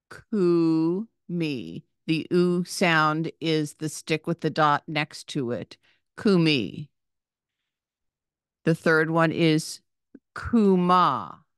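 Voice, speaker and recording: A woman's voice: low voice, clean tone, no room sound, clean studio sound. A woman giving a patient reading lesson, saying each word, spelling out its letters and vowel sounds, then repeating it. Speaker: Hebrew reading teacher.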